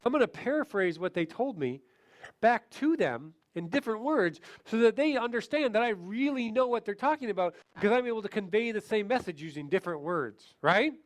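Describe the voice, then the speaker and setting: A man giving a sales training seminar, animated, acting out short client conversations as he teaches. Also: sits high, a little fast. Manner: animated, acts out client dialogue. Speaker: seminar speaker.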